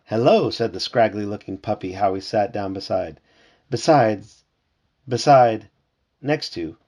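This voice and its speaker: A man reading a storybook aloud to his child at home, lively and putting on character voices. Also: lowish voice, unhurried, muffled recording.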